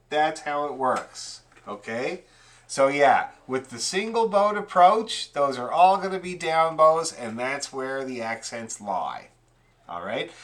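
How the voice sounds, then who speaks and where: Man teaching fiddle over a video call. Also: a little high. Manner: relaxed, explanatory, counts beats aloud. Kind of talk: online music lesson.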